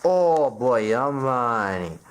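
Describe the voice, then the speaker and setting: A woman's voice: rumbling low, expressive, takes it slowly, slight background noise, voice pushed down, exaggerated voice, poor audio. A woman voicing a whiny male steel magnate who is stuffed with newspapers, pleading in stiff, formal sentences. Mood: desperate whining. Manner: whiny, pleading, stilted speech without contractions. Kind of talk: absurd comedy voice acting.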